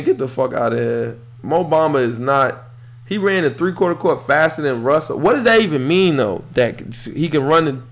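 A young man hosting a podcast, talking solo about sports in a loose, heated, profane way. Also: on the high side. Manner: animated, swears freely, heated rants. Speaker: podcast host. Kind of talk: casual solo sports talk.

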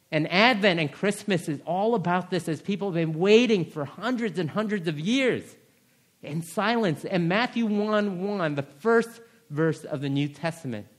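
A man preaching a sermon in a church, his voice pitched a little on the high side. He lifts his voice to press home his points, then falls to a hushed, gentle tone for words of comfort before leading a prayer. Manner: rises in pitch to stress points, drops to a hushed, soft voice for God's reassuring words. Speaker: pastor. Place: church sanctuary.

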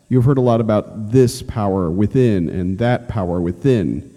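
A man's voice: fairly low pitch, dark tone, long reverb tail. A man reading an inspirational course lesson aloud, earnest and exhorting, speaking straight to the listener. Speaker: course instructor.

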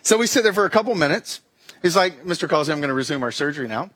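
A man's voice: on the high side, lively intonation, racing, a bit bright. A young man telling a comic personal story in a talk, acting out the dialogue and making sound effects. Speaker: speaker giving a weekly message.

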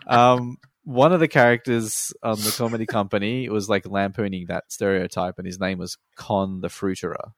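A relaxed Australian man chats about films in a very deep voice with a gravelly rasp. He swears freely and laughs easily, and the recording is dry and close. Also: normal speed, few pauses, no echo. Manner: laid-back, swears freely, laughs often. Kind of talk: casual chat.

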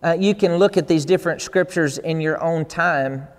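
A man's voice: a little high, moderate pace, big-room sound. A male pastor preaching a sermon in an earnest, repetitive way that builds to emphatic peaks.

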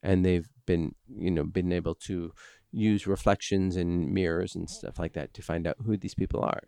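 A man's voice: sits low, normal speed, gravelly, clean tone, no echo, studio quality. A man co-hosting a podcast in casual chat, rambling and restarting his sentences, reading a listener's message. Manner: animated, rambling with many restarts. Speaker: podcast co-host.

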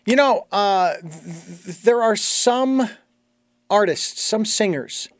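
An American man hosting an interview show, talking in a folksy, halting way with many fillers. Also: high voice, expressive, no room sound, studio quality. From United States. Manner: folksy, halting, playful with voices. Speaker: radio show host. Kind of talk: interview conversation.

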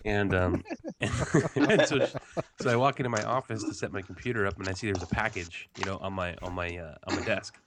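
A man's voice: sits low, a little fast, heavy background noise. A man hosting a podcast from home, telling a rambling, profane story in casual chat. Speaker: podcast host. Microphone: home computer mic.

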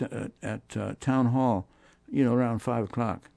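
An older man, a guest musician, telling animated anecdotes in an interview and voicing the people he quotes. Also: medium pitch, unhurried, vocal fry, hardly any pauses, no echo. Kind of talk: storytelling interview.

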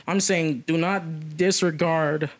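A young man with a slightly high voice is a guest on a casual podcast. He argues his side earnestly and keeps pressing the hosts with pointed questions. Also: steady tone, slow. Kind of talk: casual chat.

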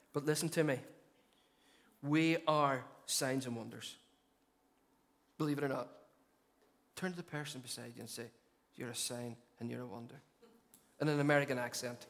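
A man's voice: a little high, a bit bright. A man preaching a sermon as lead pastor, emphatic and rousing, often repeating and restarting his phrases. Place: church venue.

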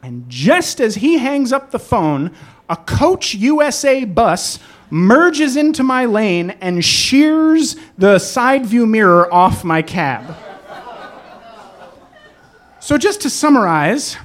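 Animated storyteller with a lively voice. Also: mid-range voice. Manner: animated, acts out quotes. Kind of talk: live personal storytelling.

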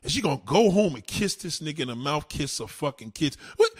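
A man's voice: on the high side, very animated, a little fast, hardly any pauses, slightly rough. A man, likely in his thirties, ranting crudely and emphatically on a casual livestream. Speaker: livestream host. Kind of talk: profane casual rant.

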